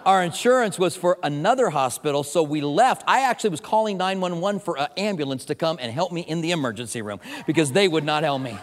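A middle-aged man preaching a sermon, telling a personal story with animated, self-mocking humor. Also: on the high side, quick pace, hardly any pauses. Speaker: pastor. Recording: long reverb of a large hall.

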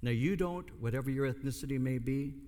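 This older pastor from the United States delivers a sermon built around a story, dropping in comic asides as he goes. He has a warm mid-range voice and speaks a little fast, and the recording carries a long hall reverb.

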